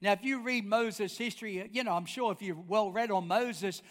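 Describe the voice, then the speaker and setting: A man's voice: high-pitched, moderate pace, a bit bright. A man preaching a sermon, emphatic and repetitive, often calling on the congregation to answer back. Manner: emphatic, calls out for congregation responses. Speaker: pastor. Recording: long reverb of a large hall.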